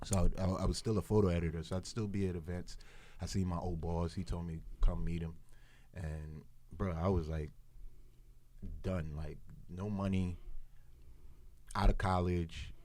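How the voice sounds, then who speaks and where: A man's voice: sits low, steady tone, moderate pace, dark tone. A man in his forties from Brooklyn, New York, telling a rambling story on a podcast and acting out the voices of people he quotes. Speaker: podcast cast member. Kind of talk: casual storytelling chat.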